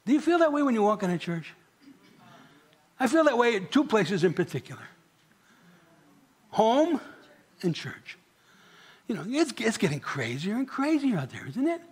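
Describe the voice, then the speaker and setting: Husky, high-voiced preacher man. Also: sing-song, normal speed, long pauses. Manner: conversational, asks the congregation questions. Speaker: pastor. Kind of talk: sermon. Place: church.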